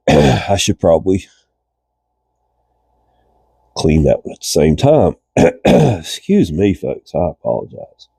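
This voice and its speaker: A man from the United States hosting a casual fishing reel repair tutorial in a cold garage, folksy and chatty, congested with a cold and often coughing and clearing his throat. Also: extremely low pitch, sing-song, a little slow, warm tone, dry recording. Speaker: reel repair channel host.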